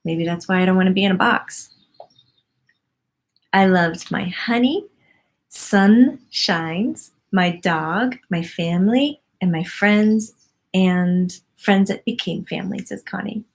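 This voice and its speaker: A woman in her forties hosts a live stream, reading her viewers' comments aloud at an unhurried pace. She is effusive and full of wonder, and laughs often as she chats. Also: mid-range voice. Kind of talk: casual live-stream chat.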